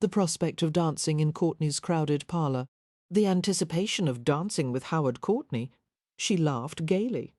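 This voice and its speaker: Woman reading a romance audiobook, low mellow voice, measured and even, dry close sound. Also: no room sound. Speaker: audiobook narrator. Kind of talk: scripted narration.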